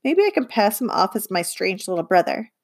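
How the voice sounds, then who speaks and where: A woman narrating a children's audiobook in the first person, with lively, girlish storytelling. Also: medium pitch, a little fast. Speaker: audiobook reader.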